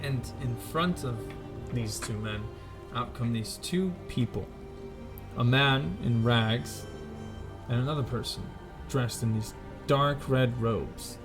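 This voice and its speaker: A man narrating a tabletop game as game master, painting each scene slowly with fillers and self-corrections. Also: mid-range voice, music in the background.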